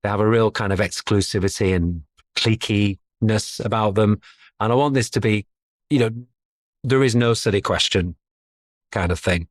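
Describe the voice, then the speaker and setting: Low-voiced man, chatty podcast guest. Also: moderate pace, no room sound, clean studio sound. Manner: chatty, self-deprecating, laughs between thoughts. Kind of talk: casual conversational interview.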